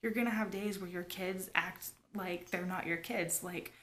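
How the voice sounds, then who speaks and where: On the low side yet fairly bright, a woman's steady voice moves at normal speed as she confides in her family vlog viewers, a little hiss or hum in the background. Her confessional talk rambles, filled with "like" and "you guys," and often falls to a whisper.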